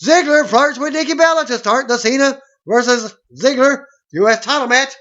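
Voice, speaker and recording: A man's voice: extremely high pitch, normal speed, fairly bright tone. A man reading out wrestling news items, sometimes stumbling over names. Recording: dull lo-fi recording.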